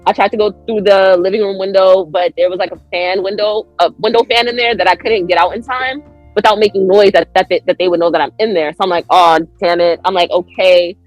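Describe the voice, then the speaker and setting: An American woman guesting on a podcast tells a story in casual chat, animatedly acting out quoted lines with big pitch jumps. She speaks briskly, with no echo, soft background music, and poor audio quality.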